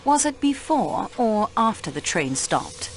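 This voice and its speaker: An actress voicing a calm, formal female investigator with a French accent in a video game. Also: mid-range voice, unhurried, a little hiss or hum. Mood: composed. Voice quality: formal, composed, courteous.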